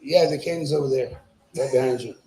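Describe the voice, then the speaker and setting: A man's voice: mid-range voice, brisk, warm tone. Profane man doing stand-up in a club. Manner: crude, profane, teasing the audience; laughs at his own jokes. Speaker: stand-up comedian at an open mic. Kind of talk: stand-up with crowd work. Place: small comedy club. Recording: echoey club room.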